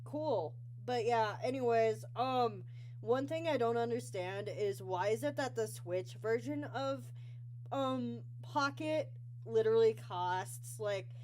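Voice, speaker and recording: Young woman interview host, slow and rambly, lots of ums, soft hum in the back. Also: on the high side. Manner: rambling, easily sidetracked, many ums. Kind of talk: casual online interview.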